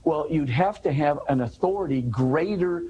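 A man's voice: on the high side, expressive, normal speed, mellow, slightly rough, highs cut off. A man in an interview, lecturing on scripture with emphasis and answering his own rhetorical questions. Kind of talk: interview, explanatory talk.

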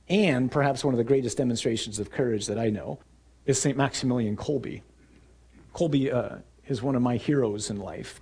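A man preaching a sermon, telling stories vividly and acting out scenes, rising to shouts and dropping low and quiet for emphasis. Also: breathy edge. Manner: storytelling, acts out scenes with raised shouting voice.

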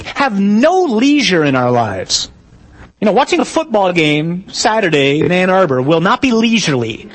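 A man's voice: a little high, slightly rough, rough recording. A man, a priest, giving a conversational teaching talk to a live audience, with jokes and stories along the way. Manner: conversational, joking, tells stories.

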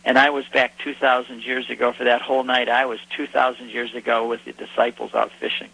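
A man, a guest on a radio talk program, telling a story in an animated way and putting on voices for the people he quotes. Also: medium pitch, a little fast, gravelly, slightly rough, low-quality recording. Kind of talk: storytelling conversation.

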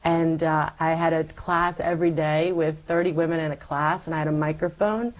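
Lively woman telling her faith story. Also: sits low, moderate pace, rough recording. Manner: lively storyteller acting out her past self. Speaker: interview guest. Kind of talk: personal faith testimony.

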